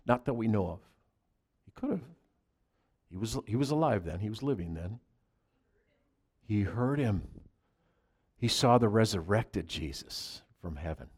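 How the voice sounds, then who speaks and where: A man preaching a conversational sermon, moving between loud, emphatic scripture reading and quiet asides to his congregation. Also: low voice, breathy edge. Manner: chats with the congregation. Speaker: pastor.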